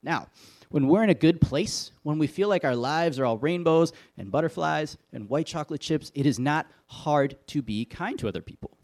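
A man's voice: a little high, animated, normal speed, a little mellow. A middle-aged man from Wisconsin giving a sermon, telling stories with self-deprecating humor in an easy conversational way. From Wisconsin, USA. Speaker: pastor.

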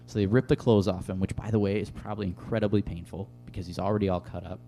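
A man's voice: on the low side, steady tone, quick pace, dark tone, slight background noise. A man preaching a sermon as a youth pastor, earnest and conversational, with filler words. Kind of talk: sermon with personal story.

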